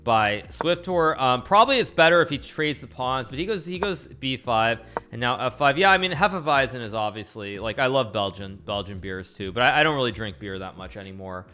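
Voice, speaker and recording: Bright-voiced man analyzing chess casually. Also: medium pitch, lively intonation, a little fast, hardly any pauses, slight background noise. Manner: rambling, with frequent restarts and self-corrections. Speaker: chess streamer analyzing games.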